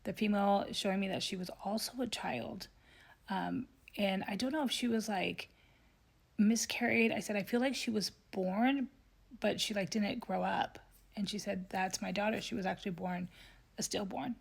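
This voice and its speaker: A woman with a gravelly, husky voice tells a personal story straight to camera. She speaks earnestly and tearfully, often slipping into soft whispers at tender moments. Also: mid-range voice, normal speed. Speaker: psychic medium. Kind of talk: emotional storytelling vlog.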